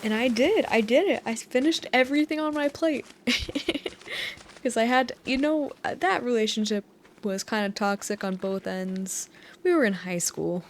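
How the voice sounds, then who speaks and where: A young woman from the United States, softly rambling and telling meandering stories with frequent laughs while playing a relaxing game. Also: on the high side, expressive, normal speed, slight background noise. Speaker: gaming channel host. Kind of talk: soft-spoken rambling over relaxing gameplay.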